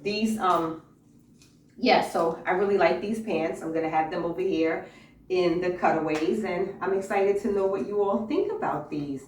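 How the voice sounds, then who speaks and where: A woman's voice: fairly low pitch, normal speed. A woman hosting a casual fashion haul vlog, talking enthusiastically to camera with a few fillers and repeats, in an indoor room with a clothing rack. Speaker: fashion vlogger, channel host. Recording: roomy echo, distant mic, faint hiss.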